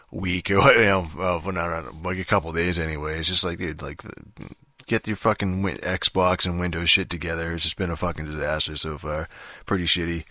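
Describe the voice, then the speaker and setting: Low, bright-toned swearing gamer man. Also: no echo, clean studio sound. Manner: profane, rambling, frustrated, heavy swearing and fillers. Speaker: gamer venting about a game release. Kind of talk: casual rant to camera.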